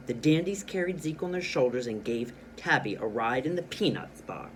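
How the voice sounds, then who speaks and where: A man teaching a children's reading lesson. He reads a storybook aloud with lots of expression, stressing words and pausing, then explains plainly what he did. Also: sits high, animated, fairly bright tone, slight background noise.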